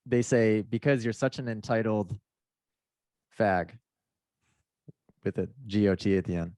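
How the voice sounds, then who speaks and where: A man's voice: lowish voice, measured pace, darkish tone, dry recording. A man, a mindset coach guesting on a podcast, telling a story casually, laughing and acting out the messages he quotes.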